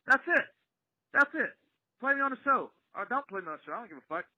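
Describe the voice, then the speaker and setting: A man's voice: very high voice, big pitch swings, fast, muffled recording, background noise. A man leaving a cynical, dismissive voicemail to a podcast. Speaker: caller.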